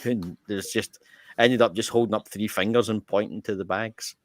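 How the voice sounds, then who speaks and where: A man with a broad Scottish accent casually telling an anecdote on a podcast, animated and swearing freely. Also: fairly low pitch, normal speed, no echo, clean studio sound. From Scotland. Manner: animated, swears freely, jumps into quoted voices. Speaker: podcast co-host.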